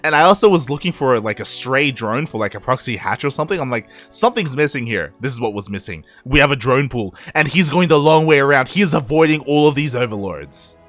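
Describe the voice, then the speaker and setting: A man co-commentating a live strategy game match, with a mid-pitched voice and faint music playing underneath. He is animated, laughs often and breaks into excited shouts. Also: fairly quick, few pauses. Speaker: esports caster.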